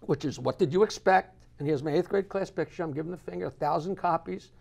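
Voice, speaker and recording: An older man, a comedian, telling stories and jokes as a talk show guest in an animated way. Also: fairly high pitch, fast talker, creaky. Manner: animated joke teller with big swings. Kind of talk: storytelling in a live talk show.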